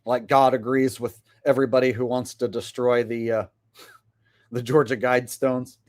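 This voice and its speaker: A man's voice: mid-range voice, level tone, normal speed, darkish tone. A man hosting a casual livestream, rambling through his commentary with frequent hesitations. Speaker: channel host.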